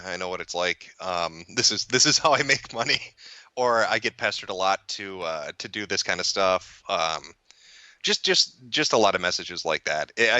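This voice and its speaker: Male commentator, low-pitched with a sharp, bright tone, casual profane rambling, dry close sound. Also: no room sound. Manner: rambling, profane, frequent restarts. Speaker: internet video commentator. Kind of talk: casual podcast chat.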